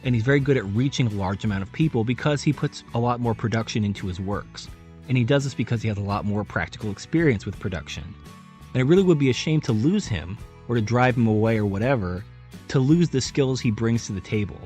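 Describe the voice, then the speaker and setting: A man talking straight to camera in an unscripted commentary, giving earnest advice and shifting his delivery to stay animated. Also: medium pitch, quick pace, faint music behind. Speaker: YouTube commentator.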